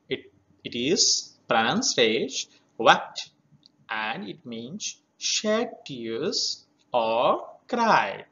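A man teaching a children's poem, explaining words slowly and spelling them out letter by letter. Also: mid-range voice, sing-song, sharp tone. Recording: slightly dull lo-fi recording.

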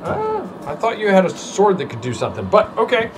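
A man's voice: high voice, wildly swooping pitch, brisk. A man running a tabletop game as game master, calling on players and asking what they do. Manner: asks players for their turns, thinks aloud. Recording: noisy home stream audio.

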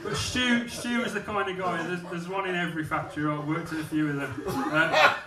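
Crude stand-up comedian. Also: male voice, high voice, steady tone, a little fast. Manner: cheeky, crude, self-mocking storytelling. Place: comedy club stage, indoors. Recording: echoey club from far off, audience noise.

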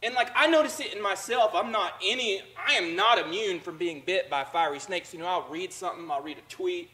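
Animated, high-voiced male preacher. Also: fairly quick, low-quality recording. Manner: conversational preaching, acts out quoted voices. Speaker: pastor. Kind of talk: sermon. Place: church sanctuary.

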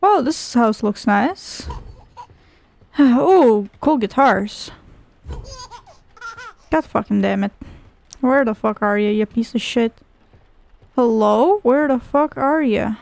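A woman's voice: a little high, expressive, slow pace, gravelly, long pauses, a little mellow, no echo. A young woman commenting on a horror game as she plays, sarcastic and swearing often while talking to herself. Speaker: gaming video creator. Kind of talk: casual gameplay commentary.

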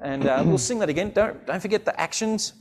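A man leading an online church service, speaking in a slow, earnest pastoral way from a church. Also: fairly high pitch, lively intonation, a little mellow, husky.

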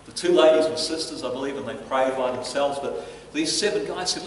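A man preaching a sermon as pastor, telling stories in an animated way and chuckling between lines. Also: medium pitch, fairly quick, few pauses, slight background noise. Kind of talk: storytelling sermon. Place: church hall. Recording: echoey church hall from a distance.

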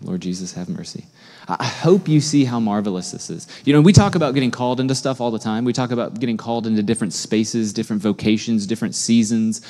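Male pastor, mid-pitched and warm, chatty sermon delivery, long church reverb. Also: quick pace, few pauses. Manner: conversational, animated, asks the congregation questions. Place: church sanctuary.

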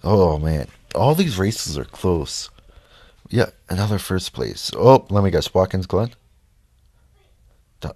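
A man giving casual gameplay commentary, reacting loudly to the race and muttering frustrated asides. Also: sits low, sing-song, slow, long pauses, no echo, clean studio sound. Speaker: let's play gamer.

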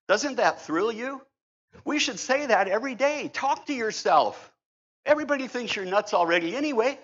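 His voice high-pitched and animated, a middle-aged pastor preaches at a moderate pace with a fairly bright tone. The sermon in the church sanctuary is conversational and humorous, though the lo-fi recording is slightly dull.

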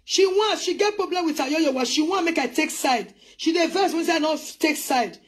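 A woman with a Nigerian Pidgin accent hosting a live commentary, talking in an animated, scolding way and mixing English with local languages. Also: sits high, moderate pace. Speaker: host. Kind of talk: live commentary on online drama.

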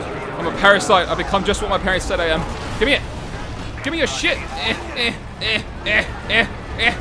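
Brief: young male gameplay host, hoarse, swearing and shouting at the game, music behind. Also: high-pitched. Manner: loud, laughing, swearing, yelling at the game. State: hoarse from screaming. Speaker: gaming video host. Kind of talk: gameplay commentary.

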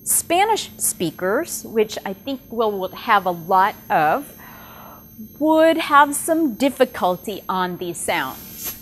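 A woman presenting at a teaching workshop, speaking deliberately and enunciating sounds carefully as she demonstrates. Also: mid-range voice, big pitch swings, a bit bright, slight background noise. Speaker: ESL tutor trainer presenting at a workshop. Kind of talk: workshop presentation with live demo. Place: workshop room with whiteboard.

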